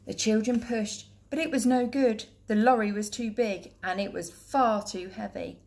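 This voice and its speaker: A woman teacher reading a children's picture book aloud in a clear, steady, gentle voice. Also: a little high, moderate pace, slight background noise.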